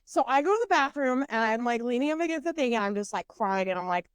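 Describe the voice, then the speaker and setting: A woman in her twenties, co-hosting a podcast, telling a story in an animated, profane way with lots of fillers. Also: fairly high pitch, fast talker, few pauses, smooth, dry recording. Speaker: podcast co-host. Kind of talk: casual storytelling chat.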